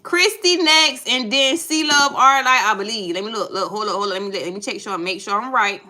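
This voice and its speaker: A woman's voice: a little high, brisk, pushed and bright, poor audio. A woman reading tarot on a live stream, chatting casually with viewers and repeating herself as she sorts out names. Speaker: tarot reader.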